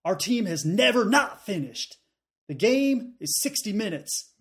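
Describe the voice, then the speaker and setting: A man's voice: high-pitched, very animated, measured pace, fairly bright tone, voice pushed up, exaggerated voice. A man putting on a Southern accent to play a defiant male football coach. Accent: put-on Southern.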